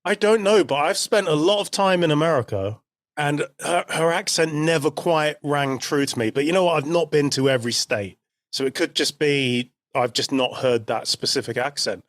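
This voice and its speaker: A man in his forties, co-hosting a podcast and telling a story in a relaxed, unhurried, chatty way. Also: a little high, no echo, clean studio sound. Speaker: podcast co-host. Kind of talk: casual chat.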